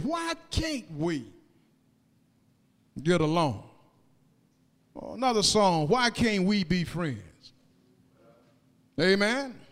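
A man preaching a sermon in a church, moving into sung, rising cadences and shouted peaks, and drawing out key words slowly. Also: high voice. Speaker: pastor. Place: church sanctuary. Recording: long reverb of a large hall.

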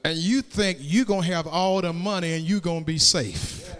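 A man preaching a sermon in a church, swinging from plain talk into shouted, sung cadences and calling out to the congregation for answers. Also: fairly high pitch, moderate pace, clean tone. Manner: calls out to the congregation for response. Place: church sanctuary. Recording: long hall reverb.

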